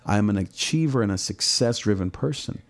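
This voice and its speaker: Low gravelly man talking earnestly. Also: lively intonation, moderate pace. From Southern California. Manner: earnest, repeats words, rising intensity. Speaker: pastor. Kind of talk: personal reflection talk.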